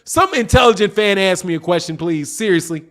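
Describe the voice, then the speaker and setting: A man hosting a boxing livestream in a fairly high voice. He reads viewer comments aloud and answers them bluntly, calling people out and repeating himself for emphasis. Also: animated, fairly quick, a bit bright. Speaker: boxing channel host. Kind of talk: livestream commentary reading chat.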